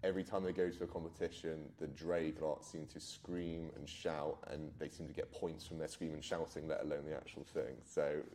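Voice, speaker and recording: A man hosts a podcast in a very low, deep voice, relaxed and rambling with plenty of ums. A faint hiss sits under the recording. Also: fairly quick, hardly any pauses. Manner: relaxed, filler-heavy, trails off quietly. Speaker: podcast host. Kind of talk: casual interview chat.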